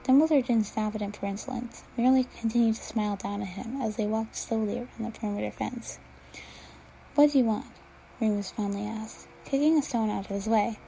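A woman reading fan fiction aloud at an unhurried pace, dropping to a whisper now and then. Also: medium pitch, steady tone, gravelly, warm tone, a little hiss or hum, rough recording. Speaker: reader.

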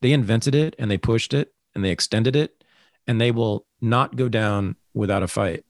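A man hosting a casual political talk show, ranting in an animated, sarcastic way. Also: on the low side, moderate pace, no room sound, studio quality.

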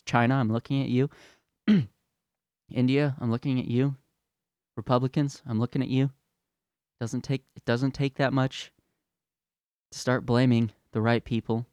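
A man's voice: mid-range voice, unhurried, pauses often, darkish tone, no room sound, clean studio sound. A slightly drunk man hosting a podcast, delivering a fiery, profane, sarcastic political rant. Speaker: podcast host.

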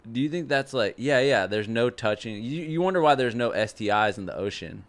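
A man's voice: mid-range voice, expressive, a little fast. A young man co-hosting a podcast, trading crude jokes, laughing often and swearing freely. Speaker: podcast co-host. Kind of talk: crude casual banter.

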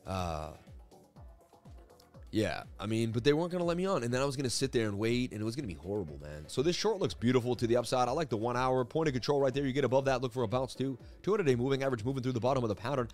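Man, fast-talking, animated, rambling, crypto host, faint music behind. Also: mid-range voice. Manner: animated, rambling, frequent "like" fillers. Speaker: crypto market analysis host. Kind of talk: casual storytelling and chart commentary.

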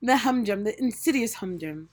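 A woman's voice: fairly high pitch, animated, normal speed. A young woman co-hosting a book podcast, giggling often as she leads the summary. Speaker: podcast co-host. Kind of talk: casual chat.

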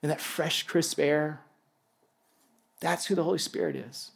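A man preaching a sermon to a congregation, animated and excitable, dropping from loud bursts to hushed tones. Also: fairly high pitch, unhurried, vocal fry. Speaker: pastor.

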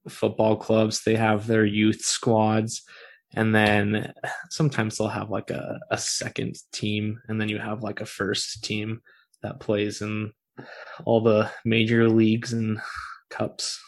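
A man's voice: fairly low pitch, monotone, takes it slowly. A man co-hosting a casual podcast, explaining things in an easygoing way with lots of "like"s. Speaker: podcast co-host. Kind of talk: casual chat.

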